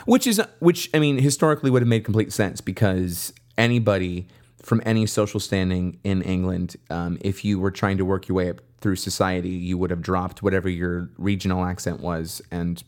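A man's voice: low-pitched, normal speed, a little mellow. A man co-hosting a history podcast, chatting casually and jokily with frequent restarts. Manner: jokey, rambling with restarts. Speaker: podcast co-host.

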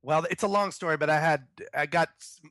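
A man's voice: fairly high pitch, brisk, fairly bright tone, dry recording. A man co-hosting a comedy podcast, telling a story in a loose, profane way and acting out the people in it. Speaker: podcast co-host.

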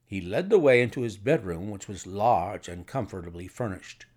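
Male audiobook narrator, measured, animated delivery. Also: on the low side. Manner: measured storytelling.

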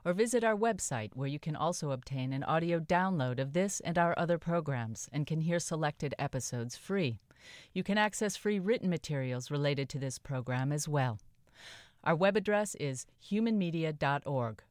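A woman reading a scripted radio announcement with ordering details, clearly and deliberately. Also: low voice, animated, no room sound, clean studio sound. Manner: clear, deliberate reading of numbers and web address. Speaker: program announcer.

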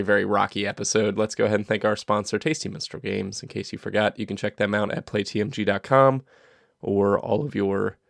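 A man's voice: fairly low pitch, vocal fry, no room sound, clean studio sound. A man hosting a casual podcast from home over a call, jokey and rambling, poking fun at himself. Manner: jokey, rambling, self-deprecating. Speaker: podcast host.

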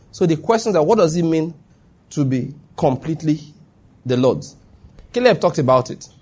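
Husky-voiced man preaching emphatically. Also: a little high, a little mellow. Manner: emphatic, checks in with listeners. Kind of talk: sermon. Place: before a live congregation.

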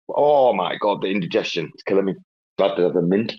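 A man's voice: sits low, expressive, a little fast, slightly rough. A man hosting a casual online chat, rambling and swearing through banter. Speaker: host. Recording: dull lo-fi online audio.

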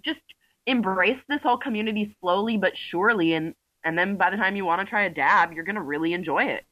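A woman's voice: mid-range voice, quick pace, dull audio. A woman who is a podcast guest in casual chat, speaking frankly and with enthusiasm as she gives advice.

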